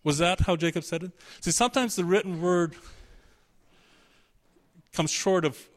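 Emphatic male preacher, fairly high voice. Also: a little slow. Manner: emphatic, voices Jacob's pleading in quotes. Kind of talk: sermon.

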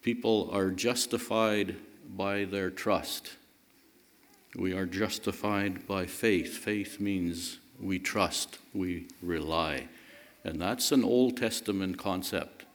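A man's voice: sits low, fairly even intonation, takes it slowly. A man preaching a sermon, emphatic and repeating key phrases for stress.

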